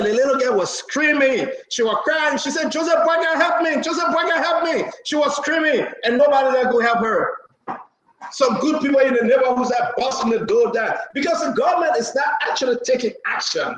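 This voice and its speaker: High-voiced man, emphatic host. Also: a bit bright, roomy sound, low-quality recording. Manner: emphatic, repeats phrases, laughs between points. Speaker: talk show host. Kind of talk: live talk show commentary.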